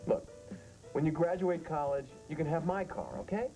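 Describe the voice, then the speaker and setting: A man's voice: fairly high pitch, moderate pace, dark tone, soft background music, rough recording. A man doing wry stand-up comedy, telling jokes and playing a father in a sketch.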